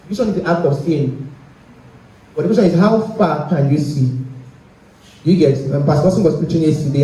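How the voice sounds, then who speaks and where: A young man gives a conversational motivational talk, keeps checking in with his listeners, and sounds warm and dark. He sits a little off the mic in a large room with heavy echo. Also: mid-range voice. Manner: conversational, often checks in with the audience. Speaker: guest speaker. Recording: echoey room, speaker far from the mic.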